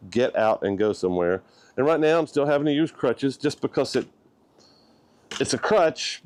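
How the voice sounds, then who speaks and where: A man vlogging a personal update, talking in a halting, thoughtful way with frequent restarts. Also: on the low side, a little mellow. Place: outdoors, walking.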